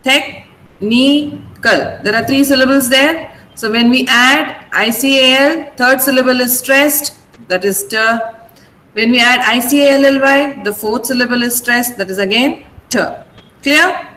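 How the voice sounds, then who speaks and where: A woman's voice: high-pitched, moderate pace, pushed and bright, slight background noise, poor audio. A woman teacher running an online class, patiently spelling out word endings and explaining which syllable is stressed. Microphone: video call.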